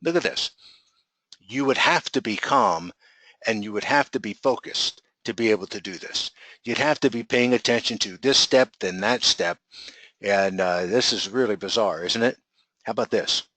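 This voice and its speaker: A man's voice: lowish voice, moderate pace, sharp tone, dry recording, rough recording. A man coaching a group in a webinar, talking energetically and firing rhetorical questions at his audience.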